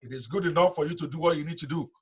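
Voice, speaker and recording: A man's voice: fairly high pitch, very fast, slightly rough. A middle-aged man, giving a live training lecture to his students in an emphatic, direct way. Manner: emphatic, talks straight to students. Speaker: online business instructor.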